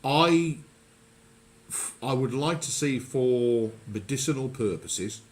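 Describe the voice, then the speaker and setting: A man's voice: medium pitch, expressive, slow. A man hosting a casual radio chat, rambling and often correcting himself mid-sentence. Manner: rambling, self-correcting, chatty. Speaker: radio show host.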